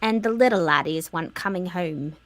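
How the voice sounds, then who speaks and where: A woman with a high voice, co-hosting a podcast and presenting slides in casual, swearing banter. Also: brisk. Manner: animated, swears freely, playful.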